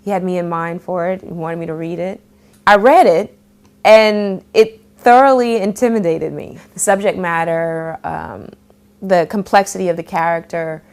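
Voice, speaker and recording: A young adult woman being interviewed as an actor, chatting casually and laughing as she tells stories and acts out quotes. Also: lowish voice.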